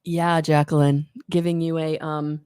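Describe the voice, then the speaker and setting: A woman's voice: low voice, level tone, unhurried, dark tone, clean tone, no room sound. A woman giving a live oracle card reading, rambling and encouraging, often correcting herself mid-sentence. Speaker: intuitive card reader.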